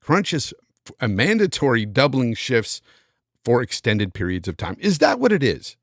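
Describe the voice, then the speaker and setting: A man's voice: medium pitch, big pitch swings, moderate pace, dry recording, clean studio sound. A man hosting a casual live-stream podcast, reading out super chats and thanking viewers by name. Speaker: podcast host.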